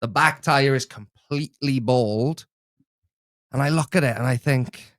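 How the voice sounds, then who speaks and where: A man's voice: medium pitch, a little slow. Easygoing young man telling stories. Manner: relaxed storytelling, easygoing. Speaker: co-host. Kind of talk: casual live-stream chat.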